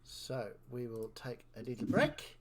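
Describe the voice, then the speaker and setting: A man running a tabletop game as game master, giving calm, matter-of-fact rulings. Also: mid-range voice, a little slow, a little hiss or hum.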